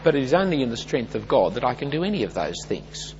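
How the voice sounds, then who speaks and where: Animated preacher in a reverberant hall. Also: male voice, mid-range voice, fast talker, few pauses. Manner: earnest, emphatic build-ups with lively rises and falls. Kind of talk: expository sermon. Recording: dull sound with long hall reverb and faint hum.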